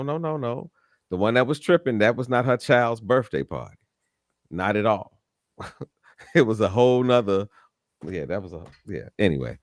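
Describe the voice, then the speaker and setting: A man with a lowish voice gives casual commentary on a live talk stream. He stumbles through his points and repeats words as he goes. The sound is dry and close to the mic. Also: no echo. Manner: halting, repeats himself. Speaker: host.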